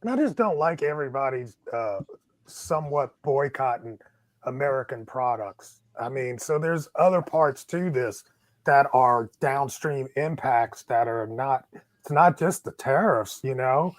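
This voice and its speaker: A man's voice: mid-range voice, expressive, a little slow. A man on a casual chat panel, sounding exasperated.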